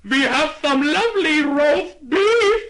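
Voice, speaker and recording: A man voicing an excitable male delicatessen owner who shouts in a storybook. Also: very high voice, voice pushed up, heavily acted. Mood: bellowing. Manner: bellowing, drawn-out shouts.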